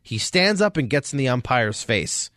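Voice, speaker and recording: Medium in pitch and normal in speed, a man's voice carries a casual sports podcast, where he co-hosts and tells energetic stories, dramatizing quotes. The recording is dry and clean, studio-grade.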